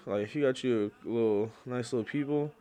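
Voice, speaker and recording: A young man hosting a casual solo podcast, telling rambling stories full of slang and fillers, and getting loud and worked up when he rants. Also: medium pitch, a little fast. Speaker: podcast host.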